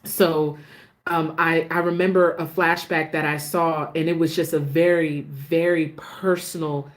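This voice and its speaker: A woman with a low voice talks through the week's soap episodes in a loose, chatty way. She often restarts her sentences and admits the scenes move her. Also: level tone, unhurried. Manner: chatty, restarts sentences, gets emotional about the show. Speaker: soap opera recap host. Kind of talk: casual chat.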